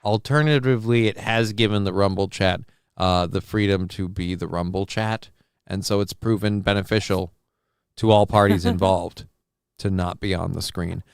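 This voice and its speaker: A man's voice: sits low, fairly even intonation, normal speed, creaky, clear, resonant tone, no room sound, clean studio sound. A man hosting a casual livestream, riffing crudely and sarcastically and reading chat messages aloud. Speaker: show host.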